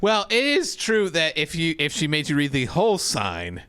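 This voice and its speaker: A man co-hosting a comedy podcast, excitable and quick to laugh, egging his partner on. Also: a little high, clear, resonant tone, dry recording, studio quality. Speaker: podcast co-host. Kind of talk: casual comedic chat.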